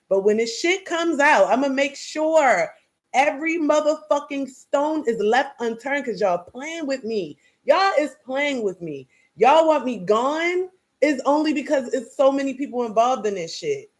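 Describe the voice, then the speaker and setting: A woman's voice: high-pitched, animated, a little slow. A grieving mother talking straight to camera in a heated, blunt, profane rant, often repeating herself.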